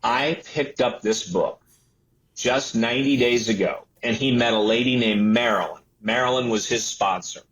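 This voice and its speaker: A man in his sixties recounts his early career as an interview guest, at a middle pitch. He tells the story with animated energy and slips into the voices of the people he quotes. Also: moderate pace, low-quality recording. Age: 60s. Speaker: entrepreneur and author guest.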